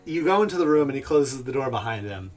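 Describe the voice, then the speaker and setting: A man narrating a tabletop game as game master, relaxed with many fillers, over faint music. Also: medium pitch, fast talker.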